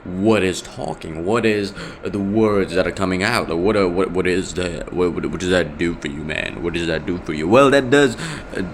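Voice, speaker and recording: A man's voice: deep voice, moderate pace, slight background noise. A young man talking on his own in a casual podcast monologue, rambling, correcting himself and swearing freely. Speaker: podcast host.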